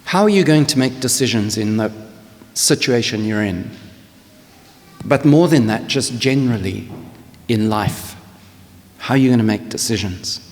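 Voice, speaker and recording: A Scottish man preaches in an earnest, tender way, his mid-pitched voice ringing out in a church hall with a long reverb. He often repeats a word as he starts a thought. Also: animated, normal speed, long pauses. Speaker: pastor. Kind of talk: sermon.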